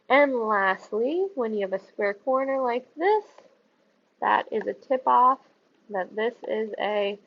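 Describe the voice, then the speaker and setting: A woman's voice: mid-range voice, vocal fry. A woman teacher giving a recorded math lesson, playful and questioning, drawing out key words. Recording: slightly dull lo-fi recording with faint noise.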